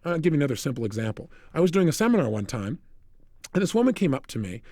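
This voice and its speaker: Animated man giving a self-help lecture. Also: a little high, quick pace, dry recording, clean studio sound. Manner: animated, energetic, addresses listener directly.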